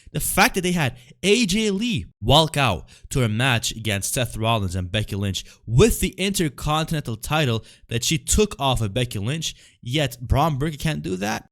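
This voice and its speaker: A man's voice: medium pitch, fairly bright tone. A man recapping a wrestling show in a casual, frustrated rant, full of fillers and rhetorical questions.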